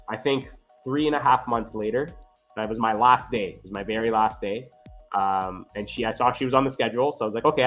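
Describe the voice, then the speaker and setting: A man who works as a physiotherapist, telling earnest stories in a casual interview and often checking in with "right?". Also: medium pitch. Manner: earnest, animated, frequent "right?" tags. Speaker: physiotherapist guest.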